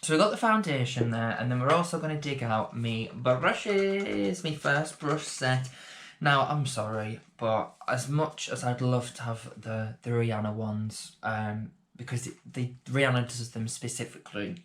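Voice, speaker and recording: A man's voice: medium pitch, a little slow, fairly bright tone. A man chatting casually through a beginner makeup tutorial vlog, rambling with self-deprecating asides. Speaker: beauty vlogger.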